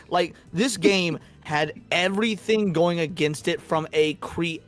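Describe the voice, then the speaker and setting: A man guesting on a podcast, his voice sitting a little high for a man. He talks in an animated, profane way, rambling through restarts. Faint music plays behind him. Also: a little slow, few pauses. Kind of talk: casual podcast chat.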